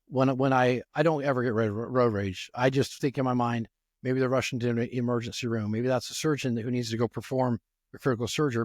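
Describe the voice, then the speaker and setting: A man hosts a podcast interview, talking in a relaxed, encouraging way. His voice sits at an ordinary pitch for a man, and the sound is dry and close-miked. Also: no room sound. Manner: conversational, encouraging. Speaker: podcast host.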